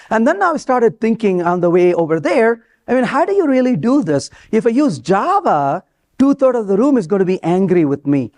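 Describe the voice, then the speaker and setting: A man giving a live technical talk at a conference, lively and joking, asking the audience questions. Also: high voice, normal speed. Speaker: conference speaker. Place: conference hall before an audience.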